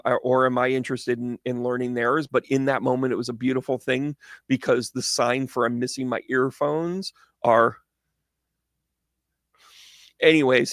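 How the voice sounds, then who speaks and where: A man with a gravelly edge to his mid-range voice spins an animated, tangent-filled anecdote. The recording is dry and close, with no room sound. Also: medium pitch, dry recording. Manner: animated, tangent-prone, jokey. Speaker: psychic medium and host. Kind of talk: rambling storytelling monologue.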